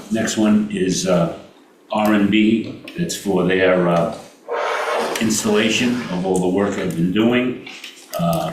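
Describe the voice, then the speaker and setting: A man with a Brooklyn accent running a committee meeting, reading out payments and figures with many halting fillers. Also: deep voice. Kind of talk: meeting business. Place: meeting room. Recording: echoey room from far off with noise.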